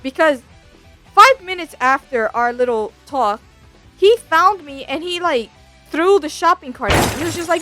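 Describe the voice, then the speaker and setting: A woman's voice: high voice, normal speed, soft background music. A woman VTuber telling a story in a casual, slangy rant, swearing freely. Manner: animated, slangy, swears a lot.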